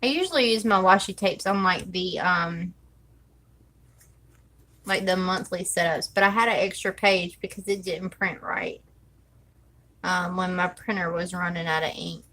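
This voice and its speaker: A woman's voice: fairly low pitch, a little slow, long pauses, sharp tone, rough recording. A woman chatting casually while she decorates her planner, thinking aloud and counting under her breath. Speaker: planner vlogger.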